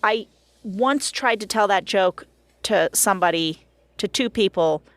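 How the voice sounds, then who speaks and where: A woman co-hosting a casual podcast over a webcam call, upbeat and chatty as she runs a game. Her voice has a middle pitch, and the sound is dry with no room around it. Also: measured pace, fairly bright tone, dry recording. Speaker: podcast co-host. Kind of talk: casual chat, running a game.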